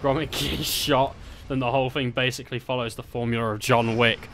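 A man's voice: medium pitch, flat delivery, brisk, over a noisy crowd. A man rambling through a silly made-up story while playing a game, swearing and laughing often. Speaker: gaming streamer.

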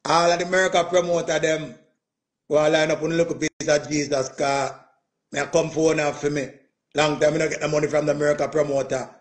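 A Jamaican man, a music performer, telling a boastful story in an animated, casual rant, dropping "man" and "yo" and laughing as he goes. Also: fairly high pitch, fast talker.

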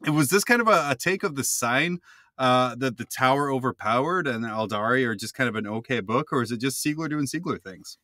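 A man's voice: mid-range voice, lively intonation, a little fast, sharp tone, dry recording. A man co-hosting a gaming podcast, reading event news in an upbeat, joking way. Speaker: podcast co-host. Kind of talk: casual chat, reading announcements.

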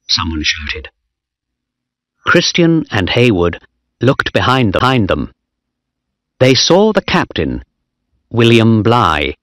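A man narrating a storybook in a slow, clear reading voice. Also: on the low side, a bit bright, no room sound, clean studio sound.

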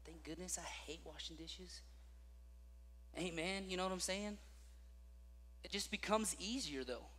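A man preaching a sermon as pastor, telling stories with lively acted-out voices. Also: high voice, unhurried, long pauses, husky, long reverb tail. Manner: animated storytelling with acted-out voices.

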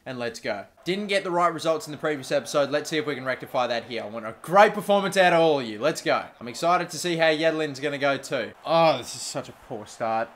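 A young man narrates his football game as he plays. His voice sits slightly high, and he keeps breaking into swearing and shouting when a chance is missed. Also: brisk. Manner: excitable, swears, shouts at players. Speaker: gaming YouTuber. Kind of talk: gameplay commentary.

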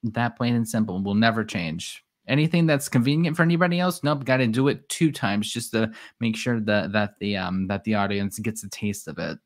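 A man's voice: on the low side, moderate pace, hardly any pauses. Sarcastic man reacting on a livestream. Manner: sarcastic, exasperated asides. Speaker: reaction streamer.

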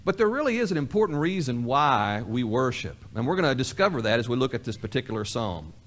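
Lively-pitched preacher man. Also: fast. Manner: folksy, repeats key phrases for emphasis; acts out both sides of imagined dialogues. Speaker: pastor. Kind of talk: sermon. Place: church sanctuary.

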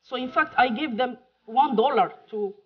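A woman's voice: fairly high pitch, husky. A woman from Morocco with a French-tinged accent, giving a chatty, joking keynote talk over slides, with some fillers. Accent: Moroccan French-accented English. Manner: chatty, jokey, pauses with fillers. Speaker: keynote speaker. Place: lecture hall. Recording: muffled lo-fi talk recording.

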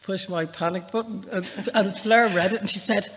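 A woman with an Irish accent tinged with northern tones, an author chatting in a self-deprecating way and then reading from her novel in a measured voice at a live library event. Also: mid-range voice, steady tone. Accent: Irish, with a northern lilt. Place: public library event space, indoors. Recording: live reading with long hall reverb.

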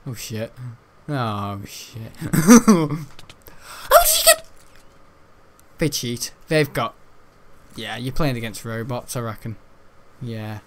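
A young man giving crude, excitable gaming commentary, often laughing. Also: mid-range voice, slow, pauses often, slight background noise. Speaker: gaming channel host.

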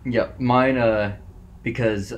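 A man's voice: mid-range voice, fairly even intonation, takes it slowly, a little hiss or hum. A man joking and teasing his friend while they play a video game together. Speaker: gaming co-host. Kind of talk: casual let's-play banter.

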